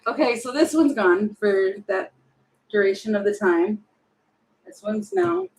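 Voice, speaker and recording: A woman's voice: medium pitch, very animated, unhurried, darkish tone, a little hiss or hum, rough recording. A woman doing a casual tarot reading, chatty and thinking aloud, often laughing and breaking off. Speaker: tarot reader.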